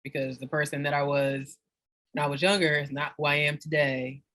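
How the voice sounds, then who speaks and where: Bright-voiced woman podcast co-host. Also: low voice, flat delivery, fairly quick, dry recording. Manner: reflective, answers thoughtfully with some hesitation. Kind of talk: casual chat.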